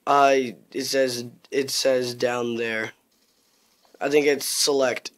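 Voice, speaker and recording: A young man giving casual, crude gameplay commentary, swearing constantly and bursting into excitement. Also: mid-range voice, takes it slowly.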